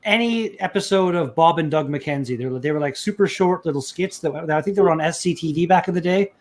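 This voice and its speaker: A man's voice: fairly high pitch, fast talker. A Canadian man chatting casually on a live stream, rambling with lots of fillers and restarts. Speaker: chat participant.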